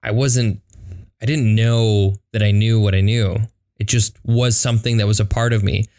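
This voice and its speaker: A young man with a lowish voice tells a personal story on his podcast. He talks conversationally, full of "like" fillers, and acts out the voices in his quotes. The sound is dry and close, with no room echo. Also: fairly even intonation, normal speed, darkish tone. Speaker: podcast host.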